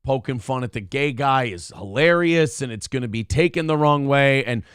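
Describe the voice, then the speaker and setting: A man's voice: mid-range voice, moderate pace, smooth, no room sound, studio quality. A man co-hosting a morning radio show, telling a night-out story in casual chat, swearing and acting out what people said. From Minnesota. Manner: animated storyteller, swears, acts out quotes.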